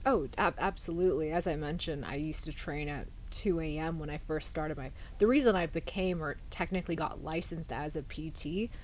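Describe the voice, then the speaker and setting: Low-pitched woman coach, candid and emphatic, casual podcast chat. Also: fairly quick, few pauses, a little hiss or hum, rough recording. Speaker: fitness coach, podcast co-host.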